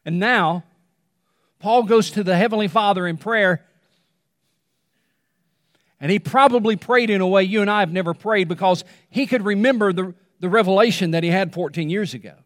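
A male pastor preaching a sermon, repeating phrases for emphasis and dropping to a hush on key words. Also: high voice, no echo, studio quality, in a large hall. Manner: dramatic pauses, repetition, drops to a hush on key words.

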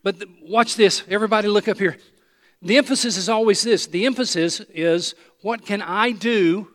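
A man preaching a sermon, emphatic and repeating his phrases, sometimes dropping to a hushed voice. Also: sits high. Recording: long hall reverb.

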